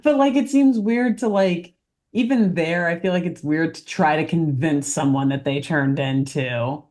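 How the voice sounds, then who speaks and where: Woman co-host, deep voice, playful reactions. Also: unhurried, darkish tone. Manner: reactive listener, frequent agreeing and laughter, joking asides. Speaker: podcast co-host. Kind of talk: casual chat.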